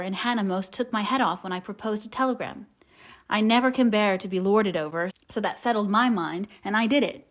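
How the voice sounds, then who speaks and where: A warm, boyish teenage friend from a classic story, voiced by a woman narrator without changing her voice much. He speaks earnestly and hurries his words when eager. A straightforward audiobook reading. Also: medium pitch, close to an everyday voice. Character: kind, boyish teenage boy, teasing friend.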